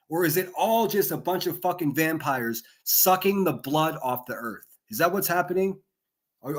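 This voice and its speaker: A man hosting a live stream rants hard, full of profanity and sarcasm. His voice sits somewhat high for a man. He leans into a desk microphone and punches out sudden yelled lines. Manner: profane, yelling bursts, sarcastic. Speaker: livestream host. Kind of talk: angry livestream rant.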